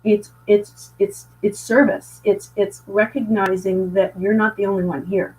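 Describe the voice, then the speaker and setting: A woman's voice: mid-range voice, flat delivery, unhurried, a little mellow, rough recording. A woman from Canada, a guest author and speaker, talks in an earnest, conversational way as she tells a story, often stumbling over and repeating words.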